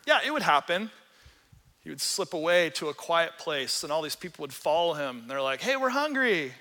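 Man, pastor, lively sermon, high bright voice, long hall reverb. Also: normal speed. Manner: animated, joking, acts out quotes. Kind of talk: sermon with storytelling.

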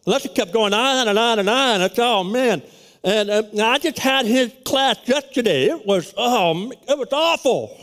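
A male pastor with a high-pitched, loud voice tells a story from the pulpit. He talks in an animated way and often stumbles and starts his phrases over. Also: moderate pace. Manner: animated storytelling with many restarts. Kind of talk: sermon with personal story.

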